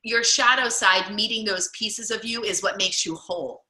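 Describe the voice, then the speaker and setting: Female group coach, bright tense voice, chatty and encouraging, echoey room. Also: medium pitch, normal speed. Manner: chatty, encouraging, many fillers. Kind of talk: group call coaching talk. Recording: roomy echo.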